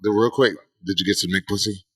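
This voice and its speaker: A man's voice: on the low side, fairly quick, no echo, clean studio sound. A man in his thirties with kids, co-hosting a podcast, joking and swearing as he tells stories in casual chat. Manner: joking, profane, animated storyteller. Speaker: podcast co-host.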